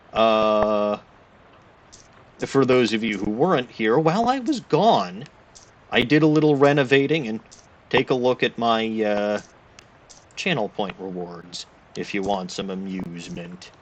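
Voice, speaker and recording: A man's voice: medium pitch, animated, unhurried. A man streaming a game, chatting casually and rambling to himself as he plays, often correcting his own words.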